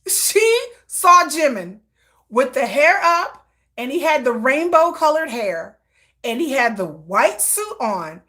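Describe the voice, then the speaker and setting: A woman's voice: high-pitched, very animated, slow pace, bright, forceful tone. Middle-aged woman, hosting a livestream, rambling and laughing through a story. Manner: rambling, laughs often, acts out quoted voices. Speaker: livestream host. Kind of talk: casual storytelling chat.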